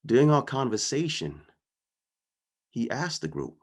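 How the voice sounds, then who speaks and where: A man's voice: medium pitch, big pitch swings, a little slow. A man giving a personal storytelling talk in an earnest, conversational way, often checking in with the audience. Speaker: guest speaker.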